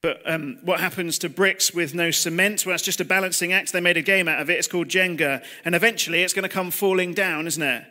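A man's voice: sits high, steady tone, fast, few pauses, sharp tone. A man in his thirties preaching a conversational, confessional sermon over a video call, with rhetorical questions to his listeners. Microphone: computer mic on a video call.

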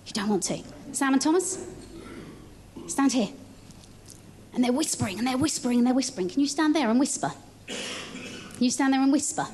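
A woman telling a Bible story during a church service, lively as she directs child volunteers. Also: high voice, moderate pace, long pauses, slight background noise.

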